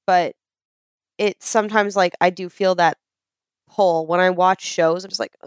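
A woman chatting casually, telling lively stories and acting out other people's voices. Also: lowish voice, slow, clean tone, no room sound. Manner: animated storyteller, acts out voices with laughter. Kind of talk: casual chat.

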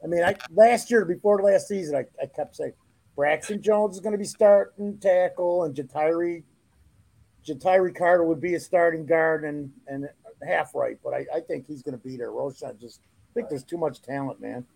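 A man's voice: on the high side, normal speed, creaky, darkish tone, low-quality recording. A man guesting on a sports podcast, joking around with crude banter. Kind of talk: casual sports podcast chat.

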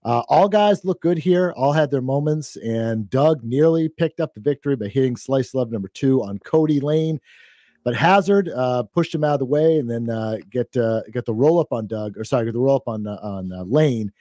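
A man's voice: mid-range voice, animated, normal speed, warm tone, no room sound, studio quality. A man co-hosting a podcast, chatting casually through a wrestling recap with lots of fillers and the odd laugh. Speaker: podcast co-host.

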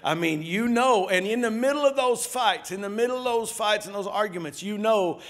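In his sermon, this middle-aged man speaks at a normal speed with a high voice. As pastor he tells stories, asks the congregation questions, and alternates loud outbursts with hushed asides.

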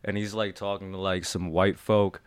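A man's voice: sits low, flat delivery, moderate pace, clear, resonant tone, no echo. A man chatting as a podcast guest, telling stories in a laid-back way. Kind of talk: casual chat.

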